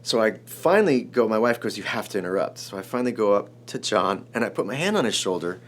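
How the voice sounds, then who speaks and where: Screenwriter guest, man, forties, from Chicago, low voice, excitable storyteller who restarts sentences. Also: fast talker. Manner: animated, rambling storyteller, restarts often. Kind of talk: emotional storytelling in an interview.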